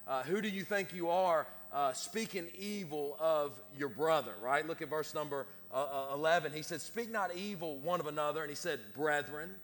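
A man's voice: fairly high pitch, fairly bright tone, big-room sound. A man preaching a sermon, speaking conversationally and often asking "right?". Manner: conversational, repeats words, asks "right?" often. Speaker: guest preacher. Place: church sanctuary.

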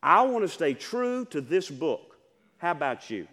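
An older man preaches from the pulpit in a high, animated voice that leaps around as he drives home each repeated line. His sermon rings with a long hall reverb. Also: unhurried. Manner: impassioned preaching, repeats phrases, rising to shouted emphasis. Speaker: pastor.

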